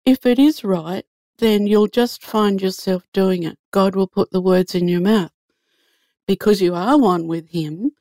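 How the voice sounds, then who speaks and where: A woman's voice: mid-range voice, unhurried, dark tone, dry recording, clean studio sound. A woman guest telling an earnest spiritual story in an easy conversational way. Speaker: guest sharing a faith story.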